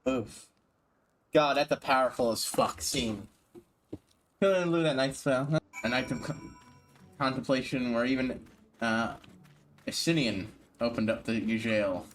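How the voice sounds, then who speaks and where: A man's voice: medium pitch, unhurried, pauses often, faint music behind. A man streaming a video game, chatting casually, often swearing and stumbling over his words. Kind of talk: casual gaming commentary.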